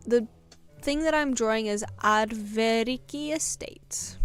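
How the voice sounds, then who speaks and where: Brief: young New woman, slightly high voice, rambling self-mocking streamer chat, faint music underneath. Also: very animated, normal speed, clear, resonant tone. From New Zealand. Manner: rambling, self-mocking, laughs between thoughts. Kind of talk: casual chat while drawing on stream.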